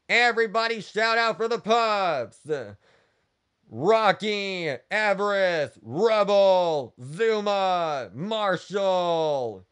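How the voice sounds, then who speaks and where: A male channel host retells a cartoon story for kids, haltingly linking events with "and then." His voice is fairly high with a sharp tone.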